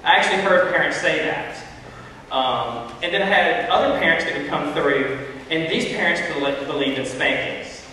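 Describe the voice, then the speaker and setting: A man gives a storytelling Bible talk to children, chatting and asking them questions as he goes. His voice sits a bit high and comes from a distance. A long, roomy echo fills the church hall around him, with a faint hiss underneath. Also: moderate pace, sharp tone. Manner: storytelling, conversational, addresses kids. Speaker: youth speaker. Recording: echoey hall, far from mic.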